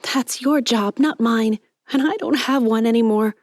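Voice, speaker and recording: A woman voicing an anxious young woman in an audiobook, pleading and high-strung as she fakes panic. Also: a little slow, darkish tone, no room sound, clean studio sound. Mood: panicky. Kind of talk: audiobook character reading.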